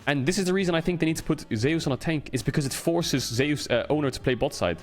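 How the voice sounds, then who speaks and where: A man streaming game commentary, ranting and swearing as he breaks down plays and hammers points home through repetition. His voice sits a bit high for a man, and faint music plays underneath. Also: quick pace. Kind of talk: casual gameplay commentary.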